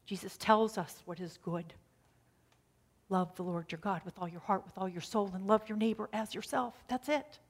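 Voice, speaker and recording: A woman's voice: medium pitch, slightly rough. Woman pastor telling a story in a sermon. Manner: conversational storytelling, drops to a hush on key lines.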